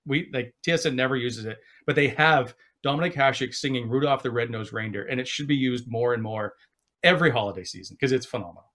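Talking fast in a medium-pitched voice, this sports podcast host keeps things casual, spinning stories and performing quoted voices with animation.

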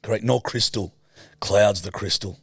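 A man's voice: fairly low pitch, normal speed, a bit bright, slightly rough, dry recording, clean studio sound. A man co-hosting a comedy podcast, teasing and swearing freely in casual banter. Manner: teasing, sweary, laughs a lot. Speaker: podcast co-host.

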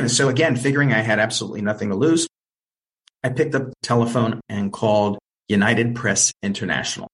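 A man's voice: fairly low pitch, a little fast, low-quality recording. An older man, a film producer, telling his story in an interview and acting out the people in it. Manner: animated storyteller who acts out quoted voices.

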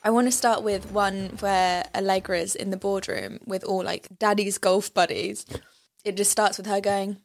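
A woman's voice: mid-range voice, steady tone, moderate pace, gravelly. Giggly chatty woman. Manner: chatty, giggly, acts out quotes. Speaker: podcast co-host. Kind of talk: casual chat about a film.

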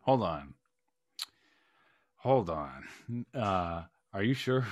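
A man co-hosting a podcast in casual banter, with a deadpan, mock-serious, drawn-out way of talking. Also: medium pitch. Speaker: podcast co-host.

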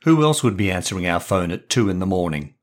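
A man voicing a middle-aged wife who speaks in a flat, no-nonsense, matter-of-fact way in a storybook reading. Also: low-pitched, fast talker. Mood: curt.

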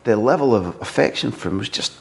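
Scottish man telling lively football stories. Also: mid-range voice, fast, creaky. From Scotland. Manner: lively storyteller with quoted asides. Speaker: interviewer and football journalist. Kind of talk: casual interview chat.

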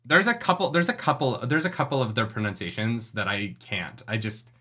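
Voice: medium pitch, brisk, pushed and bright. A podcast co-host in a casual book discussion, ranting with passion and plenty of swearing, acting out quoted characters. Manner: impassioned, profane ranting.

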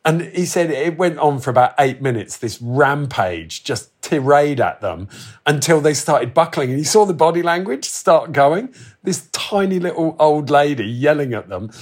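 Animated man telling stories. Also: fairly high pitch, normal speed. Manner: animated storyteller, acts out quoted voices, swears freely. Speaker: podcast guest telling travel stories. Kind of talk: casual anecdote telling.

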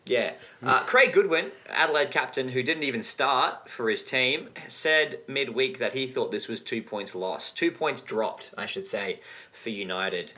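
A man hosting a casual football podcast, animated and jokey, swearing freely. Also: medium pitch, measured pace. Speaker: podcast host. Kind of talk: casual sports chat.

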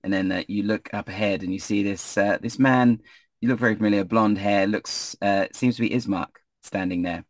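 Low-voiced male game master, hesitant narration, dry close mic. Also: fairly even intonation, normal speed, no room sound. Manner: hesitant, many fillers, chuckling.

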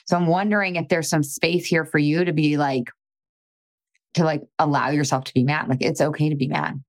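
A woman with a low, steady voice hosts a podcast and coaches a listener at a fairly quick pace. Her style is blunt and talkative, peppered with casual swearing and lots of "like."

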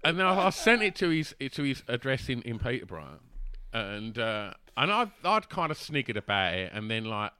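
Laughing bloke. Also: male voice, mid-range voice, very animated, normal speed, few pauses, bright, forceful tone, clean tone. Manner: rambling, laughing, full of fillers and restarts. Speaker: guest telling a story. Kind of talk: casual anecdote.

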